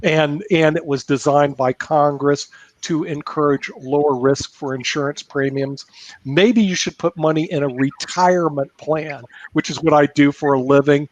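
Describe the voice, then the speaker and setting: A man's voice: a little high, fairly even intonation, normal speed, no room sound, rough recording. A man who works as a retirement plan advisor, arguing his point emphatically with examples on a panel. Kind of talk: panel debate.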